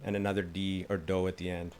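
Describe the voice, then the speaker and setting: Faint music plays behind a man whose low voice comes out quick, flat, and a little mellow. He's enthusiastic while teaching the didgeridoo, keeping the instruction casual and chatty and laughing at his mistakes.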